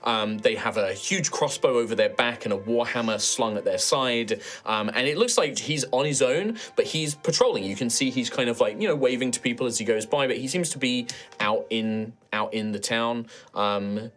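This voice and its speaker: A man narrating as game master in a relaxed way, with many fillers. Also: medium pitch, normal speed.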